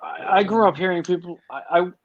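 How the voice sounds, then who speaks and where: A man's voice: high-pitched, a little fast, dull audio, a crowd in the background. A man from New Jersey in casual podcast chat, blunt and opinionated, laughing often as he talks.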